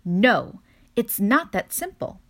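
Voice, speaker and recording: A woman's voice: mid-range voice, sing-song, slow, fairly bright tone, exaggerated voice. A woman reading a storybook aloud, voicing a wise and theatrical mother possum who lectures her babies. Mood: solemn.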